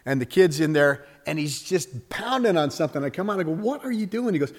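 A man preaching a sermon with lots of energy, acting out little scenes and jumping up and down in pitch and loudness. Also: a little fast, hardly any pauses, big-room sound. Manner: animated, acts out little scenes with sudden jumps in pitch and volume. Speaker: pastor.

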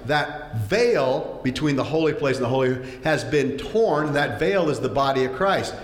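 In an echoey hall, a man preaches at a moderate pace, his mid-range voice full of lively intonation. His storytelling is animated, with acted-out voices and frequent repetition of words.

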